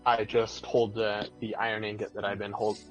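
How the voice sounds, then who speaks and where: A man playing a tabletop game, calmly describing his character's actions. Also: lowish voice, normal speed, dull audio, soft background music. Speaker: player. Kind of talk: casual tabletop play.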